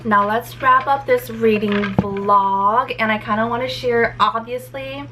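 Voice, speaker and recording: A woman book vlogger, chatty and relaxed, wrapping up her video while getting over a cough. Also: a little high, measured pace, background noise. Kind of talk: casual vlog wrap-up.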